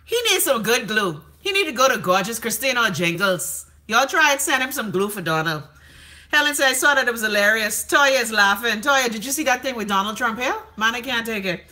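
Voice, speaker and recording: A woman hosting a casual live stream, reading viewer comments aloud in a brash, profane, gossipy way, with sudden dramatic jumps in pitch. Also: lively intonation, a little fast, sharp tone.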